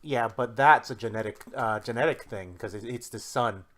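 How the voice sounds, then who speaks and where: A man's voice: medium pitch, normal speed, fairly bright tone. Rambling male podcast co-host. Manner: rambling, many restarts, explains ideas eagerly. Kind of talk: casual chat.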